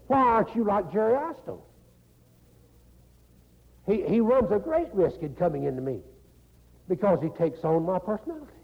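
A male pastor from North Carolina preaches a sermon in a gravelly voice with lively pitch. He is folksy and animated, laughing and repeating "you know," captured in a dull lo-fi recording in a reverberant hall.

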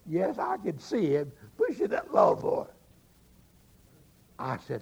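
A man preaching, telling a story slowly with drawn-out, emphatic phrasing and a gravelly voice. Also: mid-range voice, wildly swooping pitch, a little mellow, rough recording. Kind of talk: storytelling sermon.

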